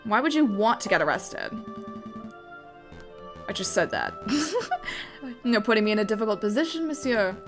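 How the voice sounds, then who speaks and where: A woman voicing a scheming male fox con man posing as a prince, smooth and theatrical. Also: on the high side, very animated, moderate pace, pauses often, over music. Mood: sly. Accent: put-on Spanish accent.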